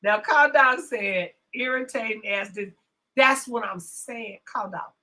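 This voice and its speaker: Woman, livestream host, brash and profane, high bright voice, slow delivery. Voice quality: brash, profane, swings from loud to hushed asides. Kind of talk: casual livestream rant.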